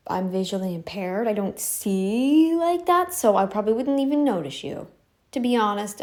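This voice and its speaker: A woman with a medium-pitched, somewhat dark voice vlogs to the camera casually but insistently. She keeps repeating herself for emphasis, drawing her phrases out emphatically.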